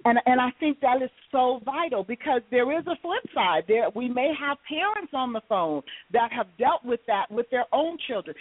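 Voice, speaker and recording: A woman's voice: fairly high pitch, lively intonation, moderate pace, hardly any pauses, husky, no echo. A woman co-hosting a call-in radio talk show, speaking emphatically in a preacherly way. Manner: emphatic, preacherly, drawing words out. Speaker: radio co-host. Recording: dry, tinny phone-like line.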